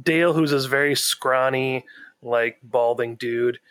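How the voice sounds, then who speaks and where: A man's voice: medium pitch, fairly even intonation, a little slow, fairly bright tone, clean tone, no echo. A man chatting casually as a podcast co-host, retelling an episode with frequent laughs and filler words. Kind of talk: casual chat.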